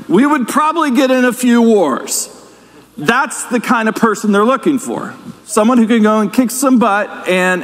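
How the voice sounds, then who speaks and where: A man's voice: high voice, fairly bright tone. A man preaching as pastor, conversational, with asides and questions to the congregation. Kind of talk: sermon. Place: church sanctuary. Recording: reverberant church hall.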